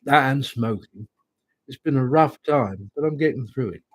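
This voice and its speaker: A man's voice: mid-range voice, normal speed, low-quality recording. An English man giving tarot readings on a livestream, musing and rambling with chatty asides. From England. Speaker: tarot reader.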